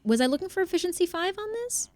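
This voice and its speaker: A woman's voice: very high voice, sing-song, fast, a little mellow, no echo. A young woman live-streaming a game in a casual chat, thanking viewers by name and thinking aloud as she plays.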